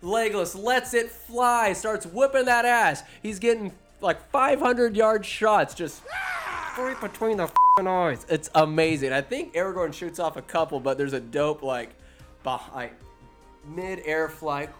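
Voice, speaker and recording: A man's voice: high-pitched, unhurried, fairly bright tone, soft background music. A man giving a casual, comedic movie recap, rambling and profane with sarcastic asides.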